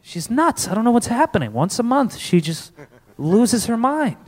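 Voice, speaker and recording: A man from Connecticut doing live stand-up comedy, animated, profane and self-deprecating, on a festival stage before an audience. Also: very high voice, moderate pace. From Connecticut, USA. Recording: reverberant live venue.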